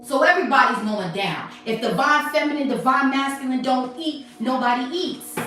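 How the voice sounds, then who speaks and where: Profane, combative high-voiced woman in an echoey room. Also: normal speed. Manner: profane, confrontational, scolding viewers. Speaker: tarot reader. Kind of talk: livestream tarot reading and rant. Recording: very echoey room, voice from a distance, faint music.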